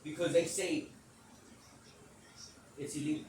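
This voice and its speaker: A man hosting a podcast, telling a rambling, animated story in speech, swearing casually and acting out the quotes. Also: fairly high pitch, normal speed, long pauses, far from the mic. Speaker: podcast host. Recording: echoey room, off-mic, background noise.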